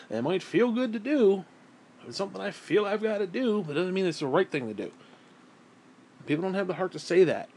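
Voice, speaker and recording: A man's voice: sits high, expressive, a little fast, a little mellow, breathy edge. A man ranting bluntly to camera in a crude, profane way while lying down at home. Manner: crass, blunt, swears constantly. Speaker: vlogger.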